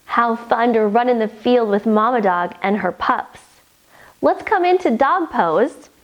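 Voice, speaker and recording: A woman leading a children's yoga storytime, guiding gently and playfully. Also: on the high side, animated, highs cut off. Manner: gentle, playful, slow sing-song guiding. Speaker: kids' yoga story teacher.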